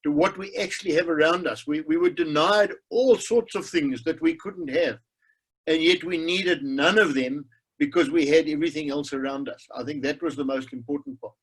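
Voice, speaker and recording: An older man, telling a wry, unhurried story about life at home on a video call. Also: on the high side, breathy edge, poor audio. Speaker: webinar participant. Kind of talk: casual personal anecdote.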